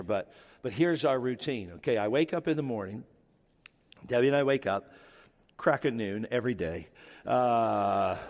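A middle-aged man, a pastor, preaching a sermon in a loose, joking, conversational way, often restarting his sentences. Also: mid-range voice. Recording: long hall reverb.

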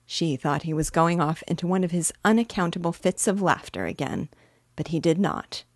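A woman reading a classic children's story aloud in a measured, expressive way, recorded on a close mic. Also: fairly low pitch, dry recording.

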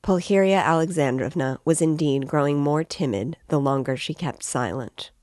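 A woman reading a classic novel aloud in measured, even narration as a regular guide. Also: deep voice, no room sound, clean studio sound. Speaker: reader and guide.

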